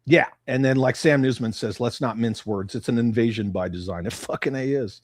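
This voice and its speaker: A man's voice: mid-range voice, a little fast, no echo, studio quality. An American man hosting a casual livestream, reading chat comments and ranting bluntly with a lot of swearing. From United States. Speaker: livestream host.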